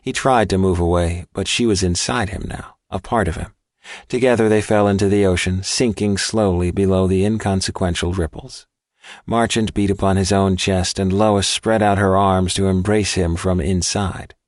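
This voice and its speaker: A low-pitched man narrates an audiobook from a script, reading in a measured, even way. The recording is clean studio sound with no room sound.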